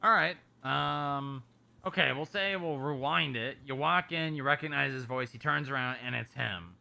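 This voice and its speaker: Gravelly, sharp-voiced man running a roleplay. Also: medium pitch, moderate pace. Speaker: roleplay scene runner and questioner. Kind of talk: narrating a roleplay scene.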